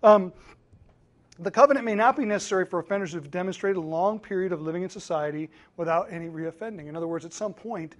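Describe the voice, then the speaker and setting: A man in his thirties with a notably high-pitched voice, speaking as a pastor in a church training talk. He talks earnestly and conversationally, moving from guidance to stories from his own ministry. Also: fast.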